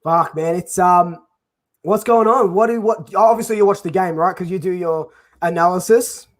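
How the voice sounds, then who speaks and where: An Australian man with a high voice hosts a loose footy chat, a bit tipsy after some wine. He swears freely and trips over his words in his excitement. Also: normal speed. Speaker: show host.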